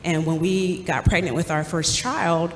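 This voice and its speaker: A woman's voice: fairly low pitch, a little slow, a little hiss or hum. A young woman speaking earnestly and with emotion about her own experiences as a panel speaker. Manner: earnest, emotional, voice rising as she grows upset. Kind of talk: personal testimony. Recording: reverberant hall with faint ambience.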